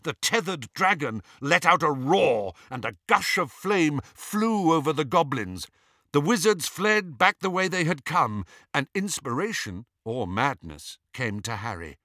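Male audiobook reader, dramatic delivery, slightly high voice, dry close sound. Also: dry recording. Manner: dramatic, expressive reading with acted shouts. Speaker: audiobook narrator. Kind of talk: scripted audiobook narration.

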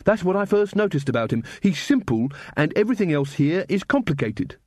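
A sharp-tongued young werewolf woman, tart and sarcastic, as a man raises his voice to play her. The pitch rides noticeably higher than a man's usual. The reading is dry and close. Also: sing-song, fairly quick, no echo. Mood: thoughtful.

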